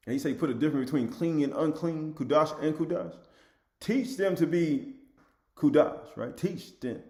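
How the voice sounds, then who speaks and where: A man giving an informal sermon, reading scripture in a raised voice and then commenting in a lower, emphatic, repetitive way. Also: normal speed, long pauses, darkish tone, roomy sound. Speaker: religious lecturer.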